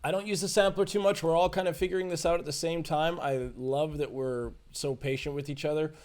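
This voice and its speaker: A man teaching music production in a relaxed, chatty tutorial, thinking aloud as he works. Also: fairly high pitch, fairly quick. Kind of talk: screen-share tutorial.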